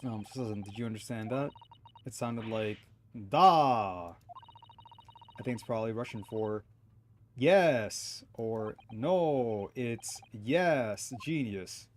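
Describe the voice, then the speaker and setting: A man's voice: medium pitch, slow, a little mellow. A man streaming a video game and giving casual, profane, sarcastic commentary.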